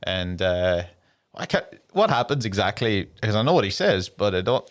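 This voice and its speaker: A man co-hosting a comedy podcast, speaking in a halting way with fillers and casual swearing. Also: on the low side, very animated. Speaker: podcast co-host.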